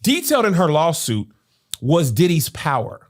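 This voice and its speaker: A woman's voice: low-pitched, very animated, moderate pace. A woman podcast host in casual discussion, arguing her points with rhetorical questions. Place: podcast studio.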